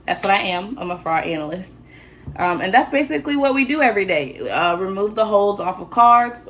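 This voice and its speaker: A teenage woman vlogging in an animated, chatty storytelling manner. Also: lowish voice. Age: teens. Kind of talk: casual chat.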